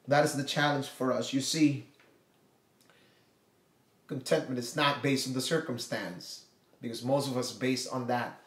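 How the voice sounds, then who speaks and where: A man preaching a sermon as pastor, swinging from loud emphatic cries down to hushed, prayerful tones. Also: mid-range voice, fairly even intonation, a little slow, long pauses, echoey room.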